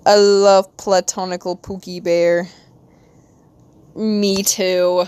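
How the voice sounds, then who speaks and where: An American woman with a light Southern accent, rambling casually to her stream while she draws, talking to herself with quick bursts of excitement. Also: on the low side, smooth. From United States. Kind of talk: casual live-stream chat while drawing.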